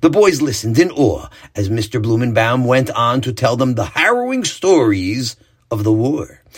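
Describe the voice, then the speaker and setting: A man narrating a children's story in an expressive, animated read-aloud way. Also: mid-range voice, husky.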